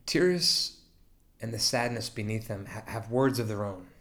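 Low-voiced pastor giving a eulogy. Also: male voice, lively intonation, fairly bright tone. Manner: slow, heartfelt delivery with long pauses. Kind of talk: memorial eulogy.

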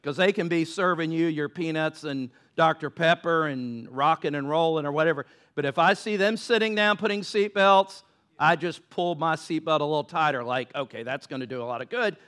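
Man, pastor, sermon, smooth resonant voice, conversational then impassioned. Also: a little high, a bit bright. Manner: conversational preacher, builds to impassioned pleas.

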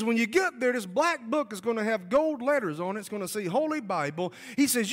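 A man telling his conversion testimony as a sermon, animated and joking, shouting at high points. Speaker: preacher giving testimony. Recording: long hall reverb.

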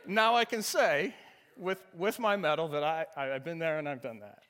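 A man's voice: fairly high pitch, moderate pace, a bit bright, a little hiss or hum. A man preaching a sermon, telling a funny story about a race and laughing often. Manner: storytelling, self-deprecating humor, laughs often. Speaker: pastor.

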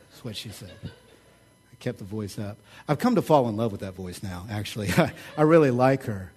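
A middle-aged man preaching a sermon, telling stories in a casual, joking and animated way. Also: sits high, fairly quick. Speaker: pastor.

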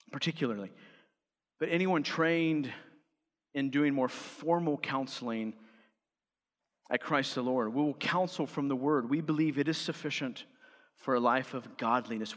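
A man preaching a sermon as pastor, driving his points home with firm stresses. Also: mid-range voice. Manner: emphatic, rising to forceful stresses. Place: church sanctuary. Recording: church hall with long reverb.

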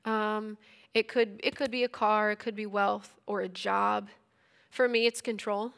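A woman's voice: medium pitch, little pitch movement, unhurried, creaky, a bit bright, clean tone. A woman in her thirties teaching a Bible passage in a casual, conversational way. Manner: conversational, retells scripture in everyday speech.

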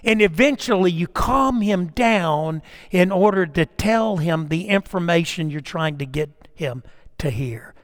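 High-voiced animated man preaching. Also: measured pace. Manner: animated, addresses listeners by name, repeats words. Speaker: pastor. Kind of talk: sermon.

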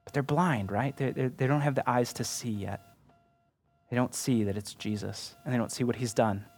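A male pastor delivering a sermon in an earnest, conversational way, with a voice of ordinary middle pitch. He keeps checking in with his listeners as he talks, and soft music plays faintly behind him. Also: steady tone, moderate pace, slightly rough. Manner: earnest and conversational, often asks the listener "right?".

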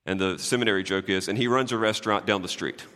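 A man preaching a sermon as a pastor, animated and swinging between loud and hushed, with jokey asides. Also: on the low side, fast, big-room sound.

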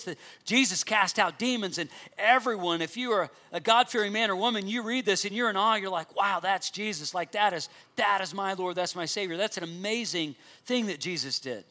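A man's voice: sits high, bright, forceful tone. A man preaching a sermon in an earnest way, reading scripture aloud and explaining it to his congregation. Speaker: pastor.

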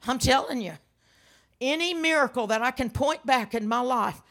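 At a moderate pace, an older woman minister whose voice sits high preaches with personal testimony, dramatically recounting stories and erupting now and then into sudden loud outbursts.

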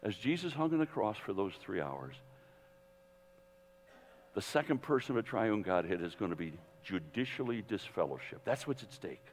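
A man teaching a Bible seminar in a lively, digressive sermon style, full of restarts and asides, speaking to an audience in a hall. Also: mid-range voice. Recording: long hall reverb.

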